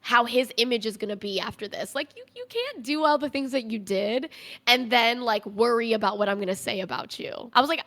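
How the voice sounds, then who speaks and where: A woman's voice: fairly high pitch, sing-song, brisk, a bit bright. A young woman, a podcast guest, telling a candid personal story in a conversational way, full of "like" fillers.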